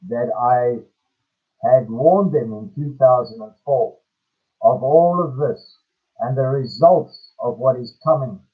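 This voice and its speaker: A middle-aged South African man making an impassioned personal statement, slow and emphatic, repeating phrases for stress. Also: mid-range voice, husky. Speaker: person airing a grievance to camera. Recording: phone-like lo-fi audio.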